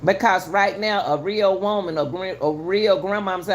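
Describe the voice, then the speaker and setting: A woman's voice: medium pitch, moderate pace, few pauses. A middle-aged woman giving heated, casual commentary to her viewers, repeating herself for emphasis. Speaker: channel host commenting on a news case.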